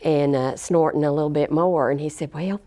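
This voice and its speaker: A woman's voice: deep voice, steady tone, fairly quick, mellow. An older woman, a former teacher telling anecdotes in an oral history interview, chatty and laughing often. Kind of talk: anecdotal storytelling.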